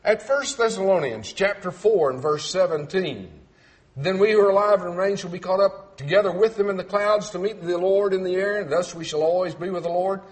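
A man's voice: high voice, fairly quick. A middle-aged man preaching a sermon in a folksy way, quoting scripture and mimicking other people's voices.

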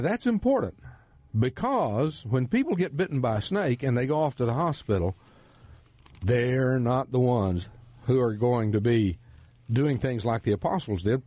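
A man with a Texan drawl teaches scripture on the radio, preaching earnestly and with emphasis. His voice swoops up and down with lively pitch, and its tone is warm and a little husky. The studio sound is close and dry. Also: dry recording. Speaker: radio Bible teacher and host.

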